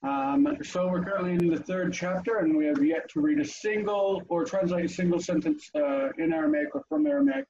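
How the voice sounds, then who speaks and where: A man's voice: sits high, very animated, a little fast, gravelly, few pauses, highs cut off, noisy background. A man teaching an online language lesson over a video call, chatty and explanatory, with frequent ums and asides.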